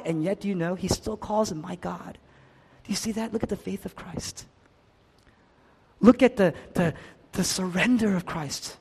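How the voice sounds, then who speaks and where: A man preaching a sermon, swinging between hushed low passages and impassioned, louder cries. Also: moderate pace, breathy edge, in a large hall. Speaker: pastor.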